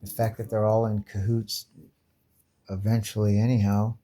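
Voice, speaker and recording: Mellow-voiced man riffing on comics. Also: on the low side, little pitch movement, normal speed. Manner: profane, slangy, incredulous riffing. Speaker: comic book reviewer. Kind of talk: casual comic commentary.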